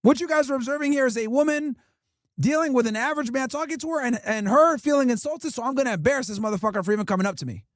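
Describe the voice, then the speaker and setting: High-voiced man ranting on stream. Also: very fast, dry recording, clean studio sound. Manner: profane, blunt, emphatic ranting. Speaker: livestream host. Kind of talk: casual streaming rant reacting to clips.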